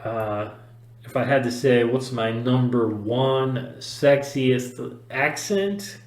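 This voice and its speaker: A man's voice: medium pitch, slow pace, a little mellow. A man co-hosting a podcast in casual chat, hesitant with many fillers and jokes. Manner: hesitant, filler-heavy, joking. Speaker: podcast co-host. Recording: echoey room.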